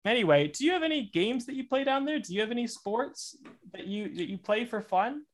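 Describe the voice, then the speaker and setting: A man's voice: very high voice, expressive, brisk. A man interviewing a character in an improvised comedy scene, rambling playfully with frequent chuckles.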